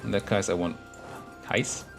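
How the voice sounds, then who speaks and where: A man's voice: fairly low pitch, fairly even intonation, normal speed, vocal fry, over music. A young man casually commentating his own strategy game, thinking aloud and muttering at the units on screen. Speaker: gameplay commentator.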